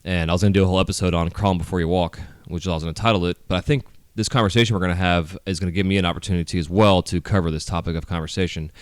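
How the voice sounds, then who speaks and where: A middle-aged man with a low, smooth and resonant voice hosts a casual podcast chat. He rambles through his points with plenty of fillers and frequent swearing. The recording is dry and close, spoken into a handheld mic. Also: steady tone, racing, hardly any pauses, dry recording. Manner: rambling, profane, heavy with fillers. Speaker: podcast host.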